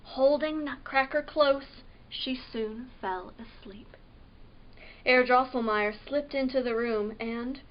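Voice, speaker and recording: A woman reads a picture book aloud for a library storytime in a high, unhurried voice. She is expressive and stops to ask the children questions. The recording sounds a little dull and lo-fi. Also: a little hiss or hum.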